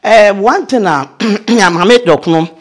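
An older veteran actress from Ghana, telling lively stories in a casual interview. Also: female voice, mid-range voice, takes it slowly. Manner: lively storyteller, mixes in English phrases.

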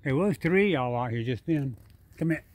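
A man's voice: animated, moderate pace, noisy background. A man, filming a casual vlog in his yard on his phone and coaxing squirrels to come eat. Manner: coaxing, rising higher when calling the animals. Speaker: vlogger. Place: his own yard, outdoors. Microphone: phone camera.

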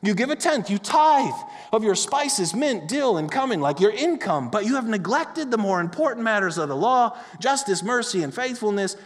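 A pastor preaches in a church, his voice high for a man and echoing with a long hall reverb. He tells stories animatedly, acting out the voices of the people in them. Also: moderate pace, hardly any pauses. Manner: animated storytelling, acts out quoted voices. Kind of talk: sermon. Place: church sanctuary.

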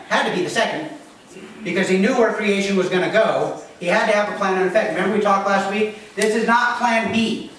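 Brisk and fairly bright, a high male voice carries a pastor's sermon through a church, with slight background noise. He keeps his language plain and frequently checks in with the people listening. The recording comes from a distance in an echoey church hall.

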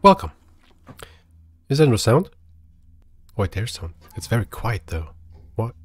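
Animated man chatting through a horror game. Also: lowish voice, a little slow, a little hiss or hum. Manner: chatty, talks to the game, jumpy yelps. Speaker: gaming video creator. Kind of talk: casual let's-play commentary.

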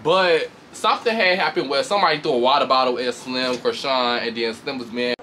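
A man casually recapping a reality show fight with lots of swearing, laughter, and sudden high mocking voices. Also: brisk, background noise. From Chicago. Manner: animated, profane, laughs often, shifts into high mocking voices. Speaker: commentator reacting to a reality show. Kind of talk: casual chat.

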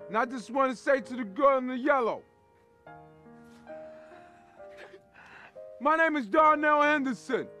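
An actor playing a brash, crude streetwise man who coaches his friend on women in a comedy film. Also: sits high. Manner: boastful, crude, loud and animated. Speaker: film character.

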